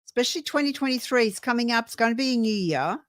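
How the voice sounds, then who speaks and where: A woman giving tarot readings on a live stream. She speaks in a gentle, soothing way and stretches her words out when she reads a card. The sound is dry and close, with no room echo. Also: a little high, expressive, fast. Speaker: tarot reader and co-host.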